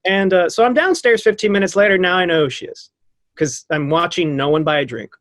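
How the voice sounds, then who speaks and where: A man in his thirties telling a story as a podcast guest, lively and acting out what people said, laughing often. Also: high voice, fairly quick, dry recording. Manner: animated, acts out quotes, laughs often. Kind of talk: casual storytelling.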